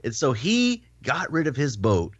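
A man in a casual podcast chat, spinning wry anecdotes. His voice moves a lot in pitch. The recording is close and dry. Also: wildly swooping pitch, measured pace, husky, no echo, muffled recording.

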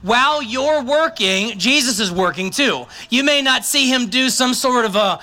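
A male pastor preaching in a relaxed, conversational way, with a high voice that rings very bright and sharp. He keeps the sermon light with joking asides. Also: normal speed.

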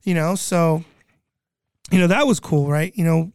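A man's voice: fairly high pitch, a little slow, clear, resonant tone, dry recording, studio quality. A middle-aged man telling stories casually as a guest, rambling with lots of filler words and restarts, sometimes swearing. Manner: animated, swearing. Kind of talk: casual storytelling.

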